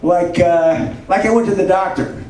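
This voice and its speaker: Crowd laughter fills an echoey comedy club where a man in his seventies rambles through a self-mocking stand-up set. His voice is high, a little mellow and fairly even, moving at a moderate pace, heard through a distant mic.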